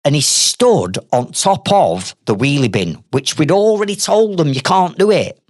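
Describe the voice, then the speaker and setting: Northern English man, lively storyteller, dry close sound; trades podcast host. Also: on the high side, a little slow, dry recording. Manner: animated, conversational, blunt. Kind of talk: storytelling monologue.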